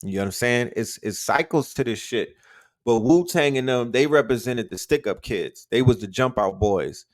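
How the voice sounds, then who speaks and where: A man's voice: medium pitch, lively intonation, normal speed, no echo, clean studio sound. A middle-aged man from Harlem, talking casually about hip hop history in a slangy, emphatic way and repeating points for emphasis. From Harlem, New York. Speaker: podcast host.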